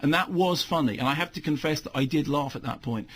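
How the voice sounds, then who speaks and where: A man's voice: a little high, quick pace, a bit bright. A man reviewing a film on the radio in a casual, rambling and sardonic way, often correcting himself as he goes. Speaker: film critic.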